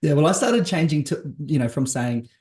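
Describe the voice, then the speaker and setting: An Australian man hosting a podcast interview, his voice sitting a little higher than most men's. He talks in a loose, casual way and laughs easily. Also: very animated, fairly quick, darkish tone. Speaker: podcast host.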